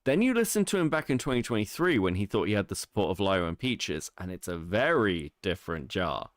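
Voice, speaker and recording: Man, mid-range voice, very expressive, sarcastic and profane, dry close sound. Podcast co-host. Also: on the low side, fairly quick, no room sound. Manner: animated, mocking, swears freely. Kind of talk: casual commentary chat.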